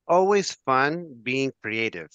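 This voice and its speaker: Upbeat man with a bright, crisp voice. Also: mid-range voice, lively intonation, slow pace, dry recording, highs cut off. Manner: upbeat, easygoing. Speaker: guest. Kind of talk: casual chat.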